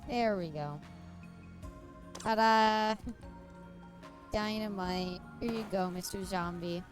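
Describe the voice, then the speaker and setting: A woman's voice: mid-range voice, slow, faint music behind. A young woman streamer chatting casually while playing, giggling often and swearing freely.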